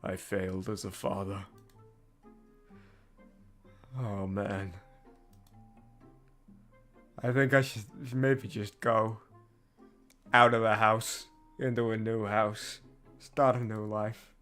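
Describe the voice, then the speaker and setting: A man's voice: lowish voice, level tone, unhurried, clean tone, soft background music, pitched below the performer's own voice, lightly acted. A man voicing a tired, resigned middle-aged father from a dating game, mumbling in defeat.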